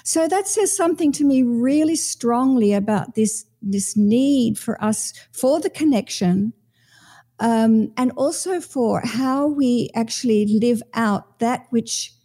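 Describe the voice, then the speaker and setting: A woman host with a fairly high, soft, mellow voice reflects back on a guest's ideas. She speaks in a thoughtful, measured way, rephrasing points as she works through them. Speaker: podcast host. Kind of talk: reflective interview talk.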